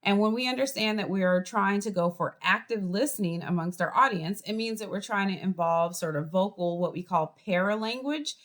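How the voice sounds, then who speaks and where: A college professor with a Boston accent teaches a class over a video call. She explains things in a lively, chatty way and speaks at an ordinary pitch for a woman. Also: fairly quick, hardly any pauses. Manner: lively, chatty teaching with acted example voices. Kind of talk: online class lecture.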